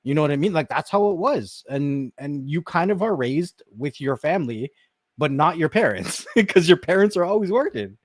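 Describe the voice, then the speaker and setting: A man from Canada with an average-pitched voice, talking frankly on a podcast and often sinking low and quiet when he reflects. The sound is dry and close. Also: expressive, normal speed, dry recording. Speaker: podcast co-host. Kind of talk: casual chat.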